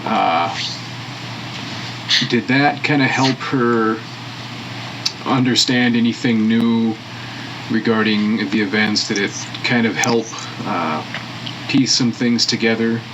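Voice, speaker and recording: A male interviewer asking gentle, hesitant questions. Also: fairly low pitch, takes it slowly, long pauses, muffled recording. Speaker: interviewer, podcast host. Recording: clear background noise.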